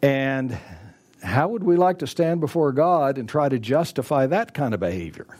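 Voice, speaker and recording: A man's voice: medium pitch, animated, normal speed, darkish tone. A man preaching a sermon, driving his points home with repetition and acting out what people might say to each other. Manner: preaching with emphatic repetition, acting out quoted dialogue. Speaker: pastor.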